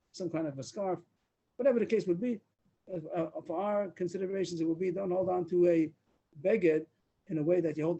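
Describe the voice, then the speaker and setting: A man teaching a daf yomi Talmud class over a video call, explaining fast and mixing English with Talmudic Hebrew and Aramaic terms. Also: high-pitched, dark tone, breathy edge, rough recording. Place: online meeting room.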